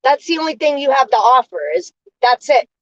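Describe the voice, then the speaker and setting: A woman vlogging a casual monologue, airing grievances in an indignant rant that stops and restarts in halting pauses. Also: high-pitched, no echo, lo-fi sound.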